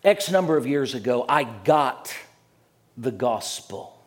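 A man preaching a sermon, earnest, repeating words as he builds each point and dropping low and quiet at the ends of phrases. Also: animated, slow pace.

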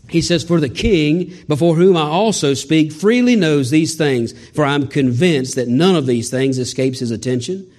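A male pastor preaching a sermon, swinging between loud exclamations and low, hushed delivery and acting out the voices he quotes.

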